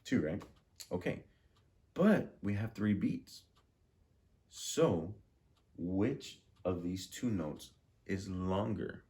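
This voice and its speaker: A man's voice: low voice, animated, warm tone. A man teaching a music lesson, patiently drilling rhythms and asking questions. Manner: slow, patient, repeats and drills words.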